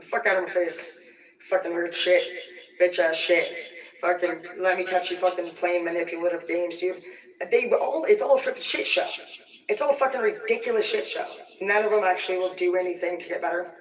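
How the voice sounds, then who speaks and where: A woman with a lowish, steady voice rants on a livestream at a fairly quick pace, heated, vulgar and rambling. She sits far from the mic in an echoey room.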